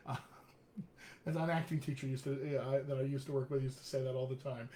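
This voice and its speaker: A man's voice: mid-range voice, steady tone, a little fast, dark tone, slight background noise. A male dialect coach giving a live-streamed lesson, chatty and upbeat, often calling viewers his friends. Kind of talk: live-streamed teaching session.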